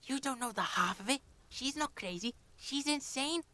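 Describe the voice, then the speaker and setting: A foul-mouthed, cocky street boy in a game. He swaggers, curses and refers to himself by name. His voice sits fairly high. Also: expressive, moderate pace, sharp tone. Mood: boastful. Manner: brash, swearing, refers to himself in third person.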